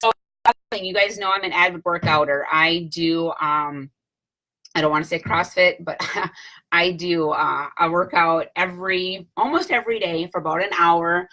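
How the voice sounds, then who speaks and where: Chatty rambling woman with a bright voice. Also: lowish voice, fairly even intonation, measured pace, poor audio. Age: late 30s. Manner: chatty, rambling, many fillers and restarts. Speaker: vlogger selling CBD oil. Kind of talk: casual testimonial talk to camera. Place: home.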